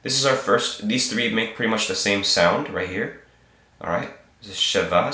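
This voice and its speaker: A man teaching a Hebrew reading lesson over a screen share, speaking slowly and patiently and repeating each sound for his learners. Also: on the low side, pushed and bright. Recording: roomy echo.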